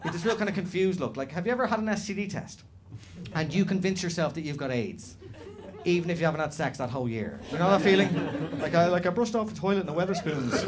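Man, stand-up comedian, fairly high voice, lively delivery, audience laughter around him. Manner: lively, animated, acts out other people's voices. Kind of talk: stand-up storytelling. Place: comedy club stage before a live audience. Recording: live room with audience laughter.

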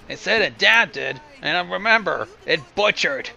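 A man's voice: high-pitched, expressive, a little slow, gravelly, few pauses, bright, forceful tone, faint music behind. A man hosting a riff on a film, in casual, profane and sardonic commentary. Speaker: host riffing on a film.

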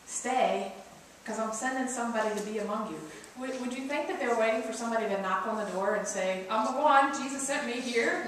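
A woman pastor giving an interactive sermon, playfully coaxing the congregation to join in. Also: on the high side. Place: church sanctuary. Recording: echoey church recorded from far off, noisy.

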